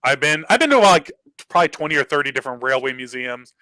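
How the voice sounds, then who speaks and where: A man speaking as a guest on a live talk show, telling an animated story and acting out the dialogue, heard over a video call. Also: mid-range voice, quick pace, dry recording, rough recording.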